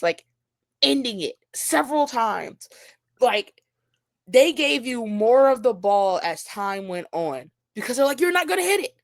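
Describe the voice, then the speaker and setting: A woman co-hosting a casual sports podcast, ranting in an animated, exasperated way and swearing freely. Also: a little high, no echo. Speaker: podcast co-host.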